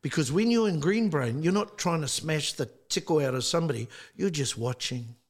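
A man's voice: on the high side, animated, a little fast. A middle-aged man from New Zealand with a Māori English accent, telling stories in a casual podcast chat and acting out voices. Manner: storytelling, acts out voices. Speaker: guest.

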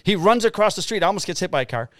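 Middle-aged cop guy swearing his way through a chase story, slightly high voice, dry sound. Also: racing, dry recording. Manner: profane, animated storyteller. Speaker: police officer. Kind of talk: casual storytelling.

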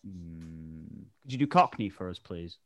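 A man's voice: deep voice, unhurried, no echo. A man with a Northern English accent co-hosting a podcast over a video call, joking and swearing in casual chat. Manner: jokey, swearing, excitable. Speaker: podcast co-host.

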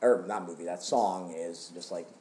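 A man co-hosting a casual film review podcast, talking in an animated way and slipping into silly voices. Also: deep voice, normal speed, roomy sound. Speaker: podcast co-host.

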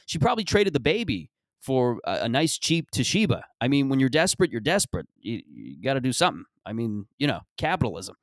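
A man's voice: medium pitch, sing-song, brisk, no room sound, studio quality. A man from Mississauga, Canada, hosting a podcast and rambling through a sarcastic, profane comic monologue full of restarts. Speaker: podcast host.

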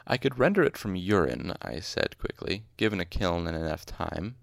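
A man's voice: deep voice, very animated, moderate pace, vocal fry, hardly any pauses, no room sound, studio quality. A man casually reading a novel aloud, stopping now and then to correct his slips. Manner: informal, stops to correct slips. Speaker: audiobook reader. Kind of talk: casual amateur audiobook narration.

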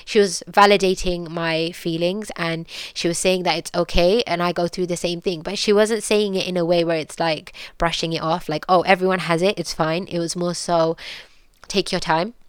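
Young British woman, earnest storyteller; low, smooth and dry. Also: flat delivery, normal speed, hardly any pauses, no echo. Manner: candid, earnest, many fillers and restarts. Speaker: podcast guest sharing her story. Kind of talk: personal storytelling.

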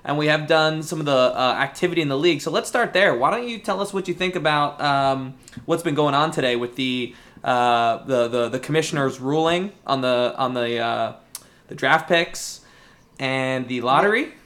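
A man's voice: medium pitch, normal speed, a bit bright. A man co-hosting a casual podcast, joking around and hyping up the guests as he introduces them. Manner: jokey, hype-man banter. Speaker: podcast co-host.

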